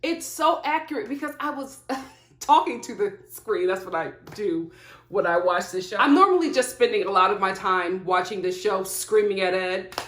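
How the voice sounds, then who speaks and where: A woman giving a casual, animated recap of a reality TV episode, laughing often and talking back to the screen. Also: medium pitch, moderate pace, a little hiss or hum. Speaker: TV show reviewer. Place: home filming setup. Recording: echoey room.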